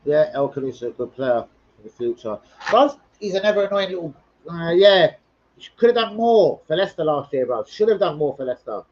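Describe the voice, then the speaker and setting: A man's voice: on the high side, lively intonation, fairly quick, darkish tone, highs cut off. A man hosting a casual football live stream, rambling, swearing freely and bantering with viewers as he reads comments.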